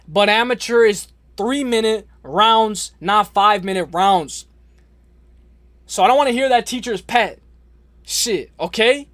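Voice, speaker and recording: Male streamer, high voice, dry close sound, loose slangy chatter. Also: normal speed, dry recording. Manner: slangy, rambling, shouts out chatters. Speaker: livestream host. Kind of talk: casual livestream chat.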